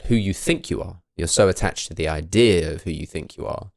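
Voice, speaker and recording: A man's voice: low voice, a little fast, creaky, no room sound, studio quality. A man hosting a podcast, talking thoughtfully and now and then acting out quoted voices. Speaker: podcast host. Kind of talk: reflective conversational talk.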